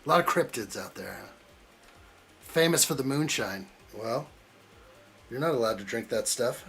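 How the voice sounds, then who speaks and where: A man of middle pitch hosts a relaxed live stream, tossing out jokes and playful teasing as he answers his chat. Faint music plays quietly behind him. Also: measured pace, vocal fry. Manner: joking, teasing banter while reading chat aloud. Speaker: live stream host building a model kit.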